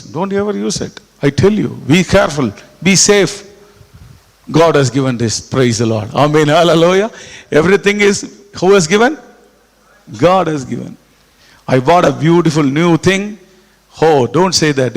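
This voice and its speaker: Gravelly preacher in an echoing hall. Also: male voice, on the high side, normal speed. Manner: animated, repetitive preaching with sudden quiet drops. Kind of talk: sermon. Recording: echoey hall with long reverb.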